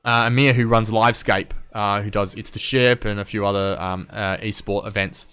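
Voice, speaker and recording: A man's voice: lowish voice, steady tone, moderate pace, a bit bright, smooth. A young man, a DJ and producer, chatting casually on a podcast with lots of ums and casual swearing. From Western Australia. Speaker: guest DJ and producer.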